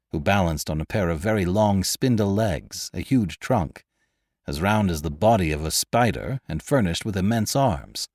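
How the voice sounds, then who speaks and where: A man narrating a classic adventure story in an expressive, dramatic way, as host. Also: low voice, dry recording, studio quality. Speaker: audiobook narrator and podcast host.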